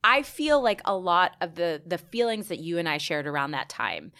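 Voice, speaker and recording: A woman's voice: lowish voice, normal speed, clear, resonant tone. A woman in her early forties co-hosting a podcast, talking candidly and telling stories with quoted lines. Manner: animated storyteller, quotes people, laughs often. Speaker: podcast co-host. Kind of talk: candid casual chat.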